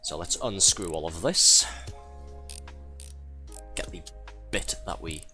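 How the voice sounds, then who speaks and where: A man's voice: deep voice, lively intonation, slow pace, sharp tone, faint music behind. A man doing live gameplay commentary, chatty and a bit flustered, laughing often as he reads out viewer messages. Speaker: streamer.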